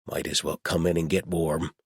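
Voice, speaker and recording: A man voicing a wary, gruff old male shepherd who speaks in blunt, clipped rural phrases. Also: low-pitched, little pitch movement, moderate pace, no echo, clean studio sound.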